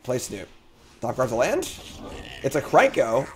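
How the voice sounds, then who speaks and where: A male streamer talks through a card game in casual commentary, his pitch swinging widely between murmured thinking and loud outbursts. He addresses his chat directly, mulling over plays before erupting with excitement. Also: unhurried, slightly rough.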